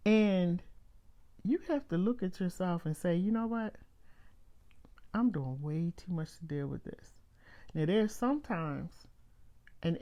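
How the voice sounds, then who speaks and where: A middle-aged woman hosting a live motivational talk, speaking emphatically with drawn-out phrases and reading viewer comments aloud. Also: lowish voice, dark tone. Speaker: host.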